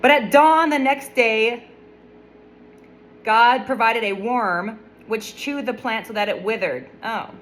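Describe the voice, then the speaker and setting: A woman's voice: a little high, slow, fairly bright tone, slight background noise, rough recording. Playful woman retelling Bible stories. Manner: playful, wry asides. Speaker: storyteller. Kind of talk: casual Bible story retelling with commentary.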